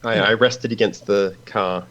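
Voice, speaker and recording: A man playing in a tabletop role-playing game, describing his actions in a hurried, self-deprecating way. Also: fairly low pitch, fairly even intonation, fairly bright tone. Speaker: player. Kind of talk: casual chat in a tabletop game. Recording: dull lo-fi mic with faint hiss.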